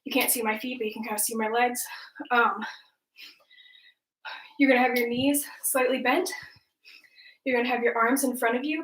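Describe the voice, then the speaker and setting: A young woman coaches kickboxing in an upbeat, chatty way, a little out of breath. Her voice sits high. The room around her sounds echoey. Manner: upbeat, counts reps aloud. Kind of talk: leading a home workout.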